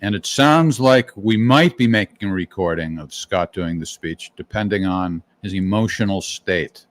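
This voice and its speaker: An easygoing male host with a fairly low voice leads a relaxed interview. He asks his questions plainly and conversationally. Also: moderate pace, slight background noise. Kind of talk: casual interview chat.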